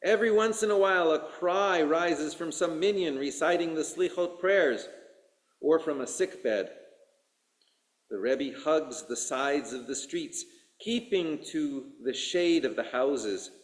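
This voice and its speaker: A rabbi reading a story aloud during a sermon, slowly and expressively, giving voices to the characters. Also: male voice, on the high side. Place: synagogue sanctuary. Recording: echoey room.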